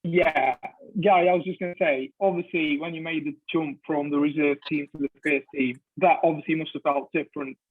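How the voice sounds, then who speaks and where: A man co-hosting a podcast asks a guest a long, rambling question, leaning on the word "obviously." His voice is fairly high and husky. It comes through a tinny, phone-like line with a dry, close sound. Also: steady tone, brisk, no room sound. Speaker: podcast co-host. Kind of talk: casual interview question.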